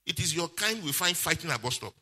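A male pastor, preaching a sermon with lively call-and-response questions. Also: fairly high pitch, fast talker.

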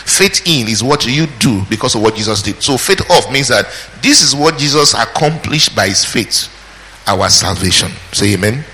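Bright-voiced male preacher in a reverberant hall. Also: mid-range voice, animated, normal speed, a little hiss or hum. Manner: questioning the congregation, call and response. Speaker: preacher teaching scripture. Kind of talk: sermon, verse-by-verse Bible teaching. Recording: hall reverb, faint ambience.

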